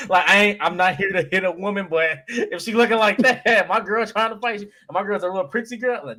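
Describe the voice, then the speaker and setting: A young man co-hosting a podcast, telling stories in an animated, profane, laughing way. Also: sits high, normal speed. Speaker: podcast co-host. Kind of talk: casual chat.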